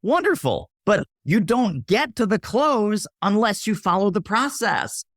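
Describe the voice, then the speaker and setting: A man talks sales on a podcast with a lively, swooping delivery. He acts out little scenes of buyers and waiters and keeps checking in with "right?" The sound is close and dry. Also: high voice, a little slow, no echo. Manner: punchy teaching tone, often tags lines with "right?". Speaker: podcast guest, sales expert. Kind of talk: casual interview talk.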